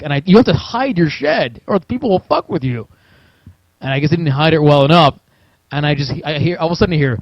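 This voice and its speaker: A man telling a long gaming story in casual chat, animated and profane, acting out his own reactions. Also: on the high side, a little fast, no echo. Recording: dull, dry lo-fi recording.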